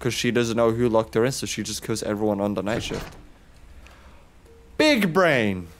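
A man's voice: lowish voice, lively intonation, moderate pace, a little hiss or hum. A young man doing casual let's-play commentary, joking and rambling and swearing freely. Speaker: gaming YouTuber.

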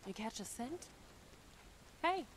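A soft-spoken, wary young medium. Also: female voice, on the high side, very animated, slow, slight background noise, poor audio. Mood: gentle. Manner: soft, gentle talk to a dog. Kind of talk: video game voice acting.

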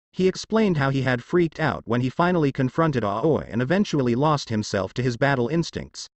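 A man's voice: medium pitch, dry recording, muffled recording. A man reading fanfiction aloud as a storybook narrator, voicing every character.

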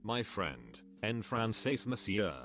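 Low synthetic male text-to-speech narrator. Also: very animated, takes it slowly, a bit bright, soft background music. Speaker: story narrator. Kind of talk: text-to-speech story reading.

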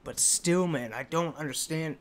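A man's voice: on the high side, normal speed. A man hosting a music reaction video, talking in a casual, profane, rambling and heartfelt way, emotional as he speaks.

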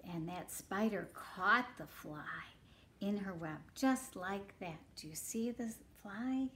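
A woman reading a picture book aloud to young children, gentle and expressive, inviting them to make the animal noises with her. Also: medium pitch, takes it slowly, slight background noise. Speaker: children's story reader.

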